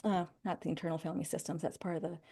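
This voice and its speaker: A middle-aged woman, a psychologist guest on a podcast, telling stories with lively, acted-out quotes. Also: on the low side, very fast. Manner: animated storytelling, acting out quoted voices. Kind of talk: podcast interview.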